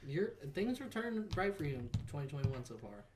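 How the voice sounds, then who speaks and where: A young man co-hosting a podcast, telling a profane, animated anecdote in casual chat. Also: a little high, brisk. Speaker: podcast co-host. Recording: echoey room, noisy background.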